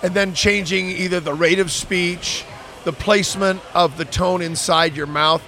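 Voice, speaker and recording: A man with a notably high speaking voice, a working voice actor chatting casually. He tells his stories with animation and drops into voices to make a point. The sound of an outdoor street sits behind him. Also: measured pace. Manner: animated storyteller, slips into character voices. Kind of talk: casual chat.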